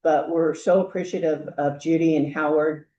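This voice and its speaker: An older woman, a grandmother, hosting a group meeting with chatty, halting welcome remarks. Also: low voice, steady tone, dark tone, echoey room, lo-fi sound, a little hiss or hum. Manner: chatty, halting, with many fillers. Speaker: meeting host. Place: meeting room.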